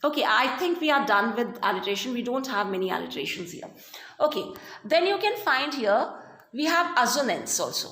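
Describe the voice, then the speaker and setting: Woman teacher, Indian English accent, high and animated, echoey room, patient step-by-step explainer. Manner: explains slowly with many "okay" and "fine". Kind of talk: recorded online class lesson. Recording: roomy echo.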